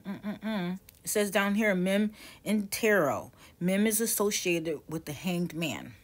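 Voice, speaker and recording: A woman in her forties teaching tarot casually, rambling and correcting herself as she goes. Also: medium pitch. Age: 40s. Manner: rambling, self-correcting, chatty.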